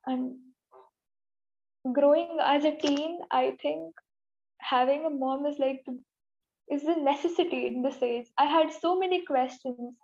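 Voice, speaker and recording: High-voiced, emotional young woman. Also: darkish tone, muffled recording. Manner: emotional, halting, repeats herself. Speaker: storyteller. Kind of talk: personal storytelling.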